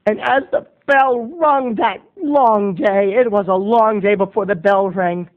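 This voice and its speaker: A man in his thirties with a very high voice tells a comic story to the camera. He talks in a melodramatic, theatrical way, and the sound is dull and lo-fi. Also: a little slow. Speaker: video blogger. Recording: dull lo-fi recording.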